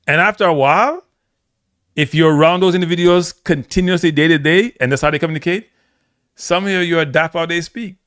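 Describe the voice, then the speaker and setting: A man's voice: fairly high pitch, brisk, dry recording. Jamaican man telling stories, dry sound. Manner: animated storytelling, frequent repeats and laughs. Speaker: show host. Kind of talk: casual football chat.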